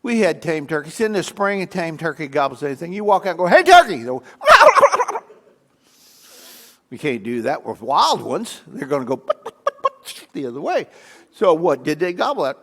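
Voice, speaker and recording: A man's voice: fairly high pitch, fairly quick. An older man, a guest speaker telling folksy, humorous stories and breaking into animal calls. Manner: lively, imitates animal calls. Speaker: guest speaker at a church event. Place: church sanctuary. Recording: long reverb of a church hall.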